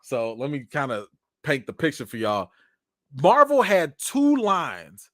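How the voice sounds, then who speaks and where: Male stream host, lively, self-mocking storyteller, slangy delivery, dry sound. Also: a little high, no room sound. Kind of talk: casual storytelling.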